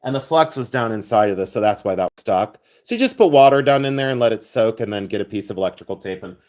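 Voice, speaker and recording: Working at his jewelry bench on a livestream, a silversmith chats away and drifts into long, wandering stories and tangents while showing his craft. He speaks quickly, with lively intonation in a lowish, darkish voice, and the room is reverberant.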